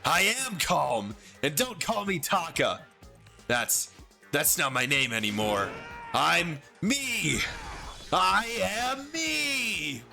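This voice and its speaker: A man voicing a rigid young man who has suddenly turned into a loud, excitable tough guy. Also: on the high side, slow pace, gravelly, over music, voice pushed up, exaggerated voice. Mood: fired up.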